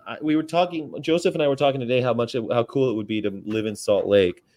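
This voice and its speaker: A middle-aged man co-hosting a casual livestream, joking and telling animated stories. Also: mid-range voice, quick pace. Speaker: co-host.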